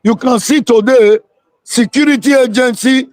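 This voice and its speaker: A man's voice: extremely high pitch, moderate pace, dry recording. A man, a political guest calling in to a live interview and speaking emphatically, repeating words for weight.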